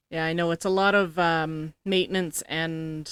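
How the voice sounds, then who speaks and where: A woman's voice: deep voice, fairly bright tone, clear, resonant tone, dry recording. Woman chatting along while gaming, easygoing, lots of yeahs, dry close sound. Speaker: co-player. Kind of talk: casual let's-play chat.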